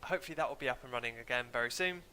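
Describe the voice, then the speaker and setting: This young Englishman streams a game and chats in a rambling, droning, self-deprecating way, sniffling from hay fever. His mid-range voice is racing, bright and forceful. The desk mic, which he mutes now and then, picks up slight background noise.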